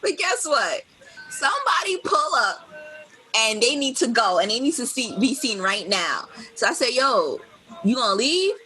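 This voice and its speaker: A woman's voice: a little high, very animated, measured pace, sharp tone, faint music behind, low-quality recording. A woman from New York co-hosting a podcast, telling a story in casual chat, swearing often and acting out the other people in it. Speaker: podcast co-host.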